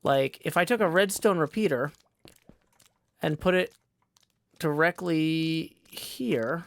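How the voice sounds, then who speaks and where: His voice is on the high side and gravelly, and he speaks slowly. This Minecraft server player thinks out loud into a desk microphone, questioning his own moves and cracking playful jokes as he comments casually on the game.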